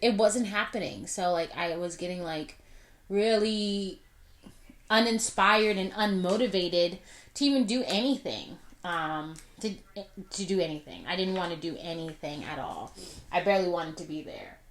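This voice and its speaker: A woman's voice: on the low side, expressive, slight background noise. A woman in her twenties telling a personal story in a chatty way, with lots of fillers, while doing her makeup. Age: 20s. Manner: chatty, many fillers, drawn-out asides. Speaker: vlogger. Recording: echoey room.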